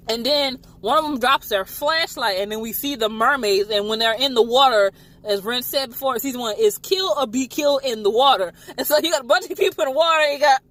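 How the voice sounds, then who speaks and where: A woman casually recapping a TV episode, animated and swearing freely. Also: sits high, fast. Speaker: TV show reviewer.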